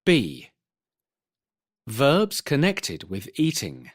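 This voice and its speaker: A man announcing section headings of a vocabulary textbook in a drawn-out, emphatic way. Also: mid-range voice, wildly swooping pitch.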